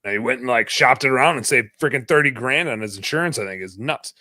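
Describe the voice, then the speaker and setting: A man's voice: medium pitch, fast, bright, forceful tone, dry recording. A man hosting a podcast in casual chat, joking, laughing often and reading listener comments aloud. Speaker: podcast host.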